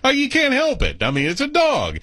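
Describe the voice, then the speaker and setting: A man co-hosting a call-in radio show, telling a story in a lively way and laughing often. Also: very high voice, brisk, dry recording. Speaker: radio co-host.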